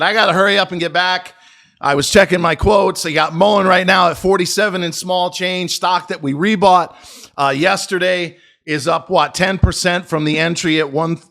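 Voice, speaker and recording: An American man hosting a stock trading channel, talking to camera in a brash, boastful, profane and excitable way. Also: on the high side, creaky. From United States. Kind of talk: casual market commentary to camera.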